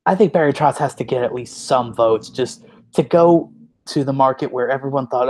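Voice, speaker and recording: A man's voice: mid-range voice, normal speed, darkish tone. A man co-hosting a casual sports podcast, talking in a rambling way with lots of restarts and fillers. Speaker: podcast co-host.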